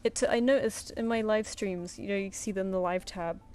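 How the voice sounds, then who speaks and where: A woman's voice: medium pitch, fairly even intonation, brisk, a little mellow, clean tone, soft background music. Chatty woman streaming her art. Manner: chatty, mutters and counts under her breath. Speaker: artist streamer. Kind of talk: casual live-stream chat while drawing.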